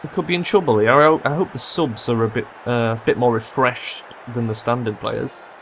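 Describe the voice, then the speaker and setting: A young man commentating his own football management game, swearing and yelling at his players when they mess up. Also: medium pitch, normal speed, vocal fry, a little hiss or hum. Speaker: gaming commentator. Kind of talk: let's play commentary.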